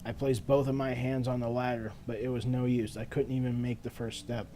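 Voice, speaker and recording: A man's voice: mid-range voice, flat delivery, brisk, noisy background, close to an everyday voice. A man reading a game's first-person narration as a frightened teenage schoolgirl, earnest and desperate in tone. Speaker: let's player. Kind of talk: reading game text aloud.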